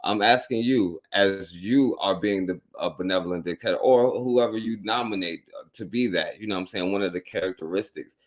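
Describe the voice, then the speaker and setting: A man with a very low voice asks long questions, stopping and restarting and filling the gaps with fillers. He sounds like a podcast host in casual talk. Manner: halting, filler-heavy.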